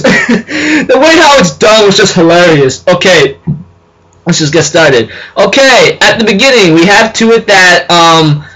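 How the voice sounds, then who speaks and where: Young man, anime reviewer, high pitch, bright, rambling, giggly. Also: rough recording. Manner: rambling, laughs often, restarts sentences. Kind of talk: casual video review.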